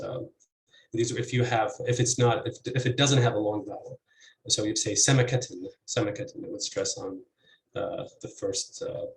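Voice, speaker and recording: A man's voice: lowish voice, roomy sound, slight background noise, rough recording. A man giving an academic conference presentation on linguistics, hesitant with many fillers and restarts.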